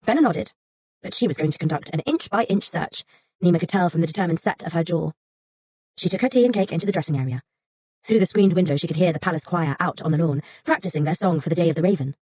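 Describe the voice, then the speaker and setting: A woman reading an audiobook as narrator, in a measured, softly breathy way. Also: on the low side, animated, no echo. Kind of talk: scripted narration.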